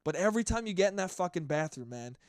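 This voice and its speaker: A young man hosts his own podcast in a dry, close-miked recording. His fairly high voice swings widely in pitch as he rants with plenty of swearing. He wanders from point to point in a loose, animated monologue. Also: fast, smooth, dry recording. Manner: animated, profane, rambling rant. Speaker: podcast host. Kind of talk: casual solo podcast monologue.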